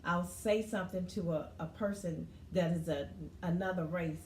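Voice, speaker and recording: A woman's voice: fairly low pitch, moderate pace, darkish tone. A woman co-hosting a casual podcast, telling stories, laughing often and repeating her words as she gets going. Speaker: co-host. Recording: roomy echo, faint background noise.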